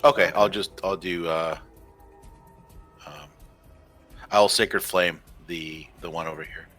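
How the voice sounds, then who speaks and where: A man's voice: sits low, steady tone, slow pace, fairly bright tone, soft background music. A man playing in a tabletop game, thinking aloud hesitantly with fillers. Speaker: player. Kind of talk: casual tabletop play.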